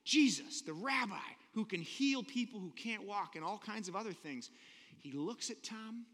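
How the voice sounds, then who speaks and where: A man preaching a sermon, telling a story in an animated, joking way with little voices for the characters. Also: high voice, moderate pace. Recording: long hall reverb.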